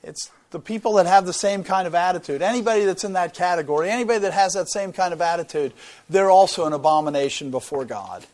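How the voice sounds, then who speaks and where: A man's voice: sits high, fast, darkish tone. A man teaching a Bible sermon, explaining things earnestly and often repeating words as he thinks. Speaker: preacher.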